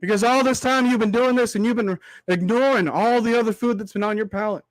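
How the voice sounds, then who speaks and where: High-voiced young man ranting to viewers. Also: no room sound. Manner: preachy, repetitive rhetorical asides, drawn-out extended metaphor. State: voice tiring from long talk. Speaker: livestream host.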